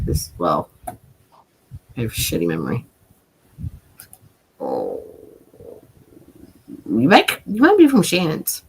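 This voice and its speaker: Laughing, gravelly-voiced woman streamer. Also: a bass voice, huge pitch swings, slow, pauses often, a little hiss or hum, poor audio. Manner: rambling, profane, laughs a lot. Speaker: livestream host. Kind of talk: casual livestream chat. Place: at home, seated.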